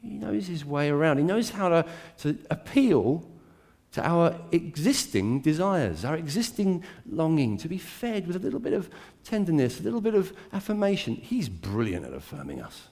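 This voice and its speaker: A man preaching a sermon to a church, dramatic and swinging between hushed, intimate lines and emphatic climbs. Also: a little high, very animated, normal speed, vocal fry. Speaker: pastor.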